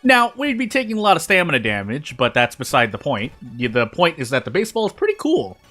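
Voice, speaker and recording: A man with a fairly high, bright voice talks through a horror game on stream. His pitch jumps around a lot as he rambles, repeats phrases and restarts mid-sentence between bites of food. Soft game music plays underneath. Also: huge pitch swings, fast talker. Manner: talks while eating. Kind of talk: casual gameplay commentary.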